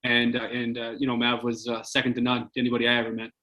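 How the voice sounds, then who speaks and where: A man's voice: medium pitch, monotone, quick pace, sharp tone, poor audio. A man in his forties, a former hockey player telling rambling stories as a podcast guest, with many fillers and restarts. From Canada. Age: 40s. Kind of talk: casual storytelling.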